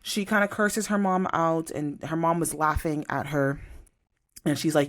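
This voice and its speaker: A woman's voice: low voice, a little slow. A young adult woman co-hosting a podcast, recapping reality TV in a casual chat and acting out what people said. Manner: animated storyteller, acts out quotes. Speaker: podcast co-host.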